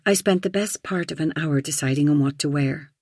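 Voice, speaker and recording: A woman narrating a first-person audiobook thriller in an even, reflective storytelling manner. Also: deep voice, brisk, no room sound, studio quality.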